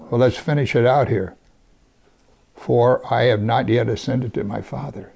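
Speaking at an ordinary pace and medium pitch, a gravel-voiced, creaky-sounding man preaches, first reading scripture and then commenting on it. To hammer a point home, he sometimes falls to a hushed, gentle tone.

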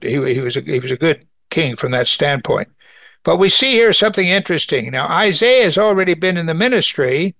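Scripture is read aloud with earnest conviction by a man teaching a Bible study one evening, his voice climbing whenever he wants to underline something important. He sounds gravelly and fairly bright, and the recording is dry.

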